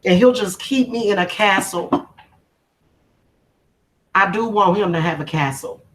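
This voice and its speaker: A woman's voice: medium pitch, unhurried, fairly bright tone, poor audio. Heartfelt woman chatting on a livestream. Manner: heartfelt and emotional, informal. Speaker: spiritual channel host. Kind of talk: casual livestream chat.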